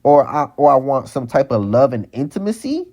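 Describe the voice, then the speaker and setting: The vlogger's sing-song, mid-range voice has a dark tone and a moderate pace. His heated, ranting monologue repeats the same lines repeatedly and keeps breaking into stammered restarts.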